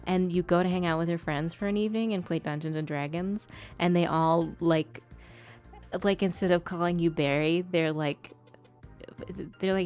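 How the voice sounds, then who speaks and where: Low-voiced woman rambling on an art stream. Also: steady tone, normal speed, darkish tone, smooth, faint music behind. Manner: rambling, chatty, laughs often, frequent fillers. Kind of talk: casual chat while painting on stream.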